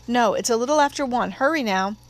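A woman voicing a calm, gentle father. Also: on the high side, a little fast, natural voice. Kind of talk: audiobook reading.

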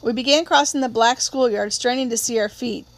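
A woman reading a novel aloud in a steady, measured storytelling manner. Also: fairly high pitch, no room sound. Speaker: audiobook reader.

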